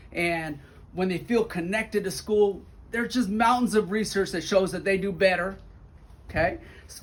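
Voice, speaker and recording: High-voiced man telling school stories. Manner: warm, animated storyteller who acts out quotes. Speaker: school principal. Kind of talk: storytelling update video to donors.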